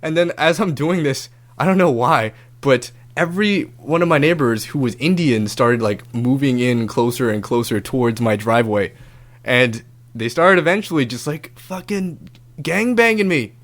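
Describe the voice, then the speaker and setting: A man hosts his own podcast, telling a story in a casual, animated monologue with a medium-pitched voice at normal speed. He swears freely and acts out other people's lines in raised voices.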